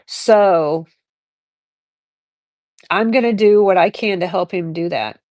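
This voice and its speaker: A middle-aged woman, hosting a livestream, takes it slowly in a fairly low, slightly mellow voice with no room sound. Her chat about her life story is candid, reflective, and rambling, full of restarts.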